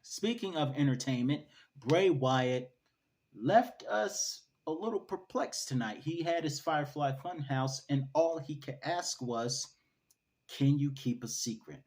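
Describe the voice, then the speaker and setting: A man's voice: fairly high pitch, lively intonation, unhurried, darkish tone. A man giving a casual solo wrestling review, chatty, wry and opinionated.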